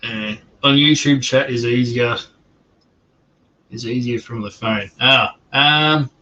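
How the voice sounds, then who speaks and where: An Australian man hosting a casual livestream, chatting in a slow and rambling way with many fillers and restarts. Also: medium pitch, pushed and bright, lo-fi sound. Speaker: livestream host. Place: home during lockdown.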